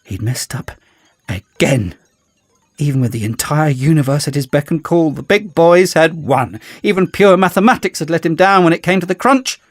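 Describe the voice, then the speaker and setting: A man reading an audiobook as narrator, in an expressive storytelling manner. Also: a little high, moderate pace, no echo, faint music behind. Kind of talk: scripted narration.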